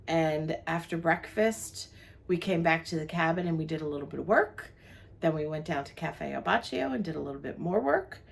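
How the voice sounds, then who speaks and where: An older woman from New Jersey, USA co-hosts a travel vlog, chatting casually about her day and listing its plans. Her voice is low and creaky, at normal speed.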